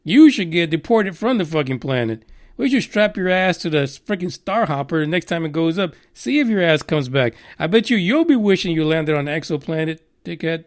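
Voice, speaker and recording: A man with a high voice hosts a news podcast. He rants with blunt sarcasm and heavy swearing. His commentary is loose and mocking. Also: animated, fairly quick. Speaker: podcast host.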